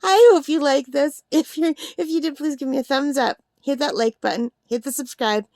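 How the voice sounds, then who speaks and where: Bubbly woman craft host, overtired and giggling, rambling unboxing chat, high-pitched. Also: moderate pace, a little mellow, no room sound, clean studio sound. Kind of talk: casual unboxing vlog.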